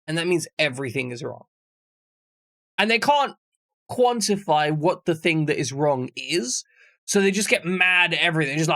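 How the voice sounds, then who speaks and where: Male streamer, fairly high gravelly voice, dry close mic, rambling jokey chat. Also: expressive, normal speed, a bit bright, dry recording. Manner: rambling, jokey, swears freely. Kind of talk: casual chat with stream viewers.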